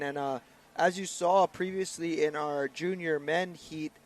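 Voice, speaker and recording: A man's voice: fairly high pitch, slight background noise. A man doing upbeat live commentary on a canoe race, announcing lanes and crews.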